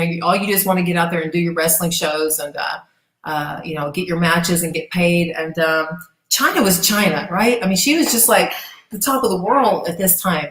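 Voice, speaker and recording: Animated, profane woman telling stories. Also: fairly low pitch. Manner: animated, profane storyteller who acts out quoted voices. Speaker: interview guest. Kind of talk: casual storytelling interview. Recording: echoey room.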